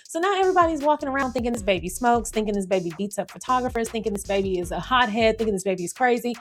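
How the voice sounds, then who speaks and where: A woman hosting a casual commentary monologue, animated and sarcastic as she acts out scenarios. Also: on the high side, rapid-fire, hardly any pauses, faint music behind. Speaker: commentary channel host.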